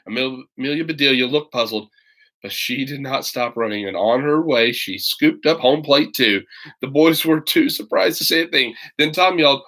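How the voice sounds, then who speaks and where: A man reading a children's picture book aloud with lively voices, now and then stopping to add casual comments of his own. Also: mid-range voice, moderate pace. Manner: animated reader, breaks in with chatty comments. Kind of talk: storybook read-aloud with asides.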